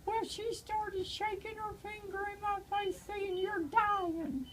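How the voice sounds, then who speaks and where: An older woman with a very high, thin voice tells her personal testimony as an evangelist. She speaks slowly and haltingly, fills her pauses with fillers, and turns tearful in places. A faint hiss sits under her voice. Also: level tone, poor audio.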